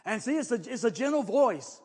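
A male pastor with a notably high, slightly mellow voice delivers a sermon to his congregation, very animated and fairly quick. His talk is loose and conversational, full of repetitions and restarts, with a slightly rough sound and a long sanctuary-like reverb.

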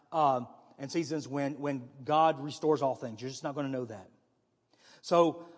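A man's voice: fairly high pitch, long reverb tail. A man preaching a sermon in a conversational way, often repeating himself and restarting phrases. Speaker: pastor.

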